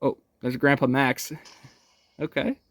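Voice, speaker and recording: A man's voice: medium pitch, slow, a bit bright, no echo. A young man hosting a casual game walkthrough, talking each step through in an upbeat, chatty way at home. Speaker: gaming channel host.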